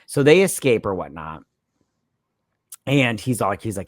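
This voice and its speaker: A man's voice: lowish voice, sing-song, moderate pace, pauses often, dry recording, studio quality. A tipsy man co-hosting a podcast, retelling a film's plot in a rambling way and acting out lines with "he's like". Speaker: podcast co-host. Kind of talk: casual movie recap.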